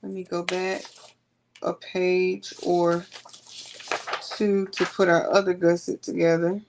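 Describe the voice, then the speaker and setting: A woman's voice: lowish voice, little pitch movement, slow, background noise. A woman, chatting casually to her viewers as she works through a sewing tutorial. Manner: chatty, talks to viewers while working. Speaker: sewing vlogger.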